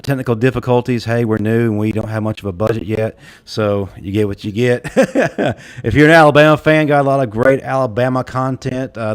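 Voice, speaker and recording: A man's voice: medium pitch, smooth. Laid-back man hosting a chat show. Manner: relaxed, lots of fillers and laughs. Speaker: podcast host. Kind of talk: casual panel chat.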